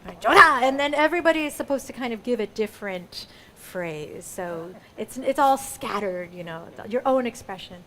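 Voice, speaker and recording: A woman's voice: medium pitch, expressive, normal speed. A woman performer explaining audience call-outs at a live show in a museum, playful and chatty, laughing often. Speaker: solo musical performer.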